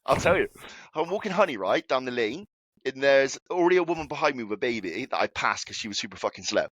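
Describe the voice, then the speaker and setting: A man's voice: medium pitch, quick pace, no echo. A young man telling a story in casual chat, swearing freely as he talks. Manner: swears a lot, animated anecdote telling. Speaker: podcast co-host.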